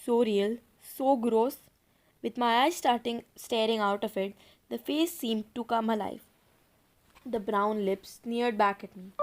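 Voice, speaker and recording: A woman's voice: fairly high pitch, unhurried, soft background music. Woman reading a spooky story aloud. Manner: suspenseful, addresses listeners directly. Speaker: audiobook narrator. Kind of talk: dramatic audiobook reading.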